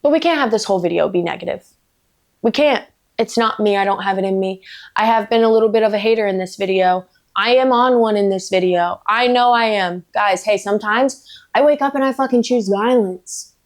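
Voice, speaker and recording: A woman's voice: medium pitch, brisk. Woman book vlogger, mid-range voice, blunt casual rant with heavy swearing and teasing self-aware asides. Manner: blunt, emphatic, swears freely; playful, self-mocking asides.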